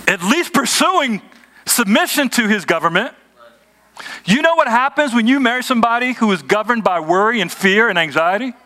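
A man's voice: very high voice, animated, moderate pace, bright, forceful tone. A man preaching a sermon as pastor, emphatic and conversational, asking his congregation rhetorical questions.

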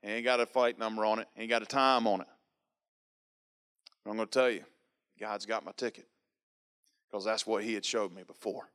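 A man's voice: on the low side, a bit bright, clear, resonant tone. A man preaching, telling a personal testimony emphatically, with lots of repetition. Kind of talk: sermon testimony.

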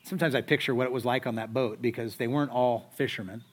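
A man's voice: mid-range voice, fairly even intonation, quick pace. A man preaching a sermon in a conversational, storytelling way, full of rhetorical questions to the listeners. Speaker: pastor.

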